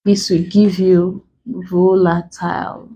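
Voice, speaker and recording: A woman teaching an exam-prep lesson, spelling out word endings letter by letter in a deliberate way. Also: mid-range voice, a little mellow, slight background noise. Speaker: English tutor.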